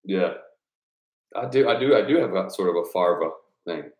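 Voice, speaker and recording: A man's voice: low-pitched, animated, moderate pace, a little mellow, echoey room. A man chatting casually with his supporters, loose and profane, rambling and laughing often. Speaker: YouTube creator thanking patrons. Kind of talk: casual live chat with supporters.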